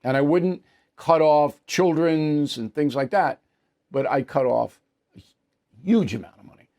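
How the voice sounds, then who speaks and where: An older American man in his seventies delivers opinion commentary with a gravelly, rough-edged voice. His pitch sits a little higher than most men's, and he answers viewers bluntly and emphatically, brushing points aside with short, flat verdicts. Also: measured pace. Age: 70s. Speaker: host of a news commentary show.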